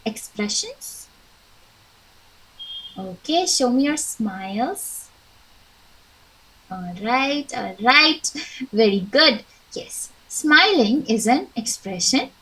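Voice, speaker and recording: A young woman with an Indian English accent teaching an online English class, speaking slowly and clearly with encouraging, acted examples. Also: on the high side, sing-song, pushed and bright, poor audio.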